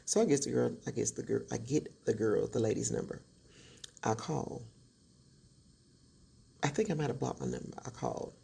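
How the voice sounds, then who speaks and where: A woman's voice: very deep voice, moderate pace, creaky, pauses often, mellow, slightly rough. A woman telling a true story in a dramatic, sassy storytime style, acting out each voice. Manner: dramatic, sassy, acts out every voice. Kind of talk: animated storytime.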